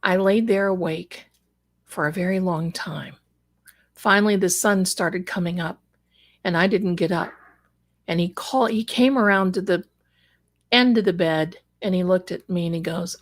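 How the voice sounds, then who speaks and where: Speaking a little slowly in a voice on the low side, with long pauses, a middle-aged psychic guest on a live stream relates a personal story emotionally, performing the quoted voices of those involved.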